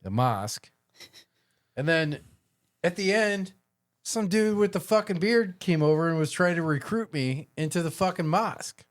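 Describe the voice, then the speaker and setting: A man's voice: a little high, expressive, normal speed. A man hosting a podcast in casual chat, swearing freely and joking crudely. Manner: profane, jokey, laughs often. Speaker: podcast host.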